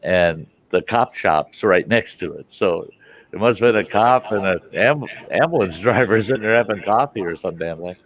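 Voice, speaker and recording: Gruff, profane storyteller with a low voice. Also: male voice, moderate pace. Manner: animated storyteller acting out voices, profane, laughing often. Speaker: host. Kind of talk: casual storytelling on a live stream. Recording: dull lo-fi stream audio.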